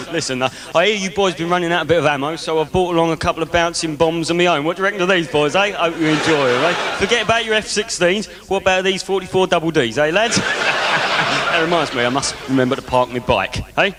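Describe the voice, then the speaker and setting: A man's voice: a little high, fast talker, a crowd in the background, natural voice. A man playing a crude comedian with a put-on Cockney accent who leers and chuckles at his own jokes. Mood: leering. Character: crude Cockney male stand-up comic entertaining troops.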